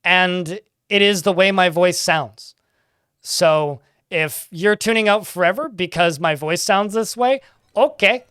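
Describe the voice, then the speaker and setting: A man's voice: high-pitched, measured pace, a bit bright, clear, resonant tone, no room sound. Dry, sarcastic-sounding male streamer. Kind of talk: casual livestream chat while gaming.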